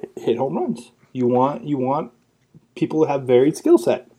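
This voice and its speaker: Male podcast co-host, teasing banter, husky voice. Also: medium pitch, very animated, moderate pace, warm tone.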